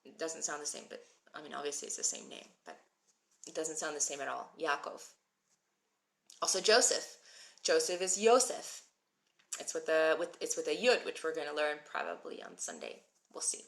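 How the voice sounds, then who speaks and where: Bright-voiced woman teaching a live class. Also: deep voice, animated, a little fast. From moved to Israel as an adult. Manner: chatty, answers viewers by name. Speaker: Hebrew teacher. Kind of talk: live-stream lesson, reading viewer comments.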